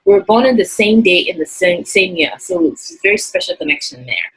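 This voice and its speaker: A woman's voice: medium pitch, lively intonation, fairly quick, husky, poor audio. A woman from Zambia, earnestly and reflectively telling a personal story in an interview. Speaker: interview guest.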